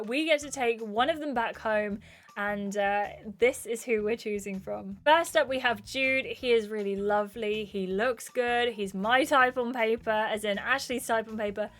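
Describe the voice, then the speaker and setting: A woman's voice: fairly high pitch, moderate pace, a bit bright. Chatty woman recapping a game. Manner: chatty, exclaiming. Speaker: gaming YouTuber.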